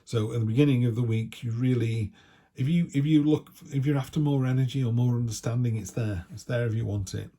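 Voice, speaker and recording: Male tarot reader from the United Kingdom, gravelly and husky, chatty with playful asides. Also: mid-range voice, brisk, mellow. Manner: chatty, jokey, acts out little voices. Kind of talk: casual tarot reading.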